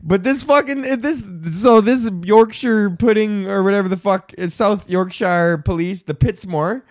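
A man's voice: high voice, fairly even intonation, a little slow, a little mellow, no room sound, studio quality. A young man hosting a comedy podcast, ranting casually with lots of swearing and laughter. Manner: profane, laughing, jumps into silly mock British voices. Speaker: podcast host.

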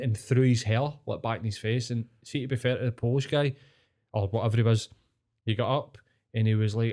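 A Scottish man, a podcast co-host, telling a story in casual chat, swearing freely and getting animated. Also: medium pitch, fairly quick.

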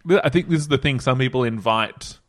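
A man co-hosting a casual podcast chat, telling an animated, self-deprecating story about a long flight. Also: mid-range voice, a little fast, a little hiss or hum. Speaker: podcast co-host.

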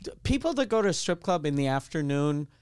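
Smooth-voiced man telling stories. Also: a little high, very animated, fast, a little mellow. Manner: storytelling, profane, laughing. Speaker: podcast host. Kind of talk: casual comedy podcast chat. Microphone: studio microphone.

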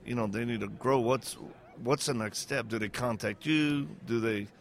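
A man hosting an interview, chatty and conversational, with quick asides. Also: medium pitch, creaky. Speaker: host. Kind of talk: casual interview talk.

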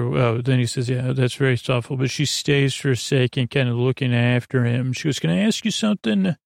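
A man's voice: medium pitch, vocal fry, darkish tone, dry recording. A man hosting a podcast, giving a rambling, comedic recap of a TV episode. He halts often and acts out the characters' lines in a dry, offhand way. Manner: rambling, halting, full of fillers and restarts; dry, offhand retelling of scenes with quoted lines. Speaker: podcast host.

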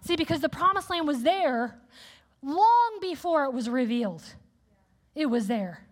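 A woman preacher giving a sermon in a candid, conversational, animated way. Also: high voice, measured pace. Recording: echoey hall with long reverb.

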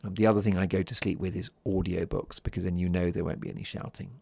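A man hosting his own podcast in a calm, chatty monologue, keeping his voice soft and easy for listeners drifting off to sleep. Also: low voice, fast talker, gravelly, slightly rough, no room sound. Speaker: podcast host.

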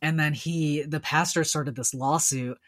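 A woman with a low, deep-set voice telling a story in a relaxed, casual way. She laughs easily between her sentences. The delivery is loose and conversational. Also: unhurried. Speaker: podcast co-host. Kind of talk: casual chat.

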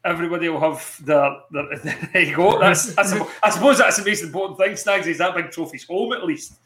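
A man's voice: high voice, sharp tone, echoey room. A man hosting a casual podcast chat, swearing freely. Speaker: podcast host.

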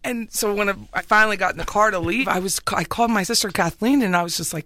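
A woman co-hosting a podcast, telling stories in a lively way and often laughing. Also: mid-range voice, quick pace, dry recording. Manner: animated storyteller, laughs often. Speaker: podcast co-host, realtor. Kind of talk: casual chat.

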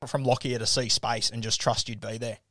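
Blunt host, dry sound. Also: male voice, medium pitch, level tone, brisk, bright, forceful tone, dry recording. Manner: blunt, swears freely, calls people mate. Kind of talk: casual sports podcast chat.

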